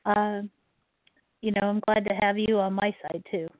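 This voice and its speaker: A woman and fellow radio host speaks in an effusive, emotional way, repeating words as she gives heartfelt thanks. Her voice comes through a tinny phone line that sounds dry and close. Her pitch is in an ordinary middle range. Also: little pitch movement, normal speed, no room sound.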